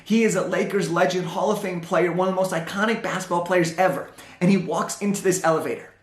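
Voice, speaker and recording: High-voiced young man telling a story. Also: fast, roomy sound. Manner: animated storyteller, acts out dialogue. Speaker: motivational speaker. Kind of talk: storytelling talk on stage.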